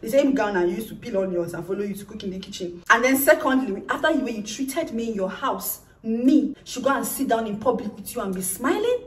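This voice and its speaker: A young woman telling a personal story in an animated vlog, acting out what people said. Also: fairly high pitch, fairly quick, hardly any pauses, recorded from a distance. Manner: animated, acts out quoted lines. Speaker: vlogger. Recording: echoey room, off-mic.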